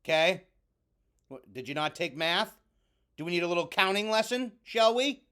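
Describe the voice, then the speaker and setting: A brash fire-god wrestler cutting a furious promo, played by a man. His voice sits high and swings wildly as he blusters through his grievances. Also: animated, normal speed, sharp tone, clear, resonant tone. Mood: indignant. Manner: ranting heel promo, blustering.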